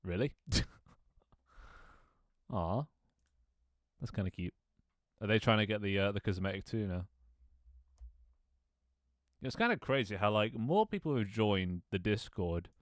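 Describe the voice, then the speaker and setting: A man's voice: on the low side, a little slow, long pauses, no echo, clean studio sound. A man with an English accent, chatting casually as a streamer, rambling and jokey and swearing freely. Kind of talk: casual live-stream chat.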